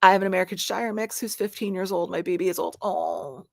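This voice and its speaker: A woman in her thirties chats casually to her live-stream audience, animated and quick to laugh. Her voice sits a little low for a woman. The sound is dry and close, with no room echo. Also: gravelly. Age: 30s. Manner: chatty and animated, laughs often. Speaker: livestream host.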